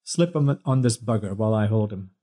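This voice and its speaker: A man doing a deep-voiced, steady police inspector. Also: brisk, natural voice. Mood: firm.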